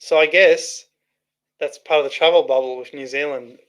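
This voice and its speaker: A man with a slightly higher voice hosts a casual livestream. He reads viewer comments aloud and answers them in a loose, rambling way, often restarting his sentences. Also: fairly even intonation, moderate pace, fairly bright tone, smooth. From Australia. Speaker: livestream host reading chat. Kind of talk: casual live chat.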